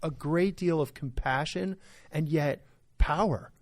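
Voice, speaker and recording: Male pastor, podcast co-host, higher register, emphatic and earnest, chatty tag questions. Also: unhurried. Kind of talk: podcast discussion.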